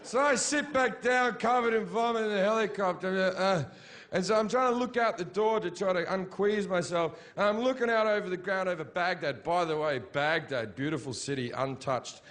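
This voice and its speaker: A middle-aged man telling a crude war story as a stand-up comedian, breaking into shouted punchlines. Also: high-pitched, moderate pace. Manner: crude, shouty punchlines with sudden yelled quotes. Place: comedy stage before a laughing audience.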